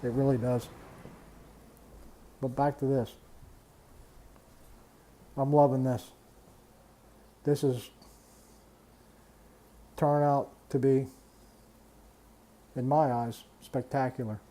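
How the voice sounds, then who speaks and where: A slow, medium-pitched, warm voice with a level tone and long pauses belongs to an older reef aquarium hobbyist vlogger. He's in a frustrated casual rant, venting bluntly and with exasperation, swearing freely, restarting phrases and repeating himself.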